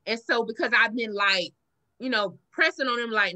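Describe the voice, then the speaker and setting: Bright-voiced Southern woman telling stories. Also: a little high, brisk. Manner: animated storytelling, acts out quoted lines. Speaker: podcast co-host. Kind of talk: casual chat.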